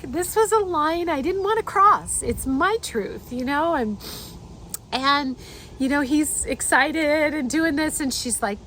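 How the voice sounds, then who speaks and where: A woman with a fairly high voice tells a personal story outdoors. She talks in a heartfelt, rambling way, full of fillers and restarts. A faint ambient hiss sits behind her. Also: fairly bright tone. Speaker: artist and host.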